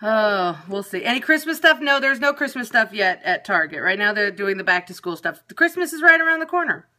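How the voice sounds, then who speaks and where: A woman's voice: mid-range voice, sing-song, fairly quick, sharp tone. A woman venting casually and profanely to viewers on a phone livestream. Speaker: periscope broadcaster. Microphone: phone camera.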